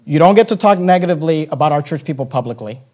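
Animated high-voiced preaching man. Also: fast. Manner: preaching with wide swings between soft and loud; acts out little dialogues and quotes scripture. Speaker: pastor. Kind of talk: sermon.

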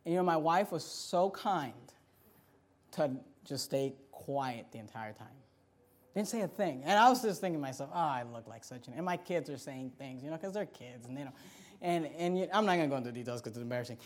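Male pastor, high-pitched, animated sermon delivery with sudden loud bursts and humorous asides. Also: fairly quick.

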